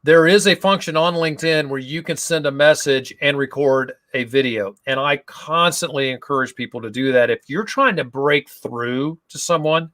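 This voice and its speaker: An enthusiastic man with a fairly high voice tells stories as a guest in a relaxed video-call interview. His voice sounds dry and close, with no room around it. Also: normal speed, hardly any pauses, no echo. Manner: enthusiastic, storytelling. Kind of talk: casual interview chat.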